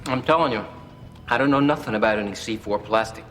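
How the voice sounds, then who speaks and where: An actor playing a nervous male arms dealer who talks fast and pleads under threat. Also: fairly low pitch, natural voice. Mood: wary. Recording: TV drama audio with music.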